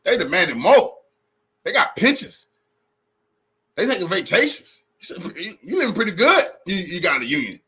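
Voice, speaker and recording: Male commentator, husky and bright-toned, profane outraged reaction rant. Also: sits high, sing-song, normal speed. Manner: blunt, profane, repetitive, outraged.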